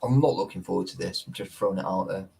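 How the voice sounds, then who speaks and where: A man's voice: low voice, quick pace, vocal fry, warm tone, husky, rough recording. A man hosting a casual live stream. He talks in a laddish way, swears a lot and laughs often. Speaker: livestream host.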